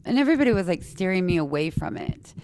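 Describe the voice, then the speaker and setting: Chatty woman with a lisp, gravelly. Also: lowish voice, very animated, quick pace, darkish tone, no echo, studio quality. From Utah, USA. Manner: chatty, talks straight to listeners. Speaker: podcast host. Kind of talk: casual personal storytelling.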